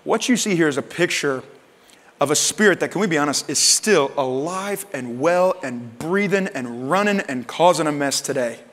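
A man preaching a sermon as pastor, in an animated, conversational way with casual slang. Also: a little high, normal speed, long reverb tail.

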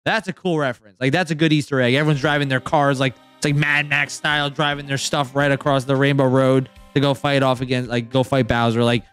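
A man hosting a casual gaming roundtable chat, talking in an animated, excitable way and acting out quotes. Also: medium pitch, fairly quick, hardly any pauses, clear, resonant tone, faint music behind. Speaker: show host.

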